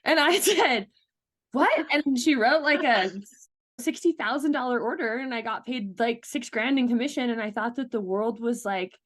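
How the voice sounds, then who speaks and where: A woman hosting a casual chat, enthusiastic and quick to share her own stories. Her voice sits fairly high. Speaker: podcast host.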